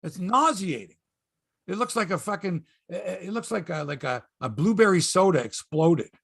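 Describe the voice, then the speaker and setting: A man's voice: high-pitched, lively intonation, normal speed, creaky, a bit bright, breathy edge, no room sound, clean studio sound. A man from Canada hosting a casual sports chat, profane and ranting, often repeating himself. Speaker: sports show host.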